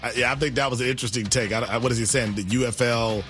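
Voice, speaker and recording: A man's voice: medium pitch, fast, faint music behind. A male sports radio co-host who reacts to calls and breaks down the teams in an agreeable way. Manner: agreeable, analytical, animated.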